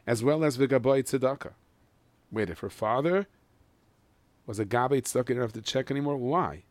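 A man teaching a Mishnah lesson in Yeshivish English with Ashkenazi Hebrew, explaining each line and chanting the Hebrew text slowly. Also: mid-range voice, darkish tone, no echo. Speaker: Torah teacher.

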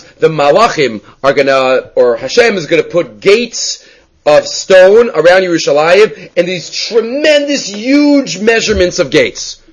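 A man with a slightly high voice leads a Talmud lesson. He moves between English and Hebrew and Aramaic terms and tells the stories with lively energy. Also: poor audio. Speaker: Talmud teacher. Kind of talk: Talmud class lecture.

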